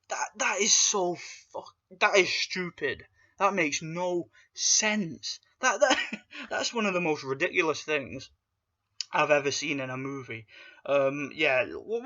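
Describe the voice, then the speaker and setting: A man's voice: medium pitch, bright, forceful tone, dull audio. A man giving a casual, ranting movie review in a blunt, profane and dismissive way.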